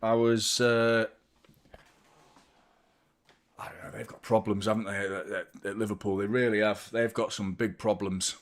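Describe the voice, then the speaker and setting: A man hosting a live football watchalong, chatting casually with animated, sweary banter. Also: fairly low pitch, normal speed. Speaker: host of a football fan watchalong.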